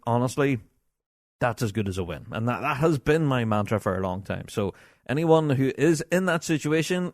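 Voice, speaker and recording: A man's voice: medium pitch, no echo. Chatty middle-aged man, dry close sound. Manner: chatty, animated, laughs often, many fillers. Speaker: podcast host. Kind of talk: casual chat, reading listener emails.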